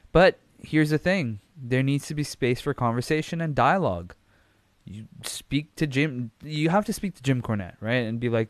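A man's voice: medium pitch, no room sound. A young adult man hosting a podcast on his own, talking casually and frankly, rambling with lots of fillers and swearing freely. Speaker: podcast host. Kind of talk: casual solo commentary.

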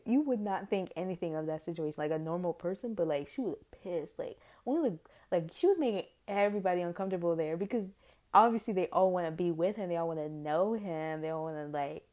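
A woman's voice: lowish voice, a little fast, a little mellow. A young woman hosting a podcast, chatting casually about a TV episode with lots of fillers and exaggerated reactions. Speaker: podcast host. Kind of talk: casual TV recap chat.

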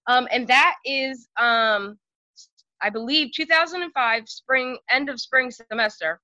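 Chatty woman with a bright, tense voice. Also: sits high, unhurried, no echo. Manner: chatty, many fillers like "um" and "like". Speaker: podcast guest. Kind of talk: casual storytelling. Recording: dry, slightly dull lo-fi sound.

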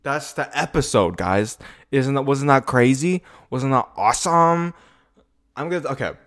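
A man's voice: mid-range voice, lively intonation, normal speed, fairly bright tone, a little hiss or hum. A man in his twenties hosting a casual rewatch video, rambling, swearing and laughing often as he talks. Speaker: video podcast host. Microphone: camera setup.

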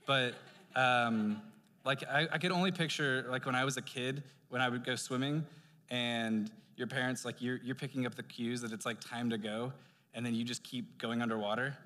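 A male pastor preaches in a loose, chatty way, often breaking off into asides. His voice is bright, with sharp, hissing s sounds. A long reverb from the church hall trails after each phrase. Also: mid-range voice, normal speed. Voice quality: heavy sibilant s sounds. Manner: conversational, animated preaching with asides. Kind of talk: sermon. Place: church sanctuary.

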